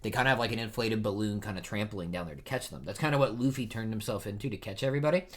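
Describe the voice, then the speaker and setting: A man's voice: lowish voice, racing, fairly bright tone. A man hosting a casual live comic reaction, reading and chatting with many fillers. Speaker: manga reaction host.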